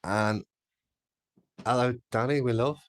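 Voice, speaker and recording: A man's voice: mid-range voice, slow pace. A man from Birkenhead with a Merseyside accent, chatting casually and rambling on his home livestream. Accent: Merseyside (Scouse-like). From Birkenhead, England. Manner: rambling, chatty, easily sidetracked. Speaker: livestream host.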